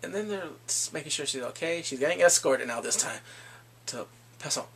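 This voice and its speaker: Animated, gravelly man recapping a drama. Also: on the high side, fairly quick. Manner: animated, acts out scenes with squeals and laughs. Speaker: drama reviewer. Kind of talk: casual recap vlog.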